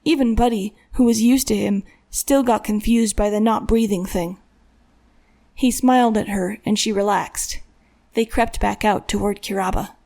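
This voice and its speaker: A woman narrating an audiobook in a steady, measured way. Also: medium pitch, creaky. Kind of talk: scripted narration.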